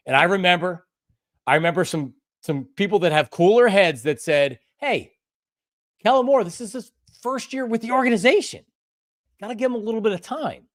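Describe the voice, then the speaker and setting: An older man hosting a live sports talk stream, passionate and emphatic, repeating himself and at times breaking into shouts. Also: fairly high pitch, no room sound, studio quality. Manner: bursts into shouting. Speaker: sports show host.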